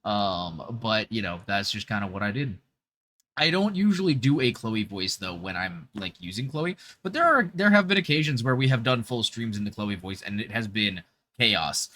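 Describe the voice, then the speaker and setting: Young man, streamer, casual chat, bright tone, lively pitch. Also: normal speed. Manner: chatty, upbeat, full of fillers. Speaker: VTuber streamer. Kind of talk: casual gaming livestream chat.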